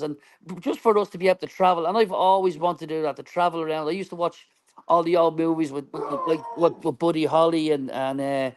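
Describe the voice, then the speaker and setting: Animated man telling a story. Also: on the high side. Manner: animated, acts out quoted dialogue, laughs often. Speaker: band member guest. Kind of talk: storytelling in an interview.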